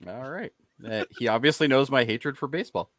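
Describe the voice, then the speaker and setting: A man's voice: mid-range voice, fairly quick, a bit bright, no echo. A man hosting and judging a casual comedy debate podcast, moderating in a laid-back way. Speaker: host and judge.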